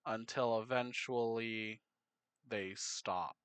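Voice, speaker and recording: A man narrating a map game in casual commentary, unhurried, muttering asides to himself. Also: medium pitch, a bit bright, clear, resonant tone, no room sound.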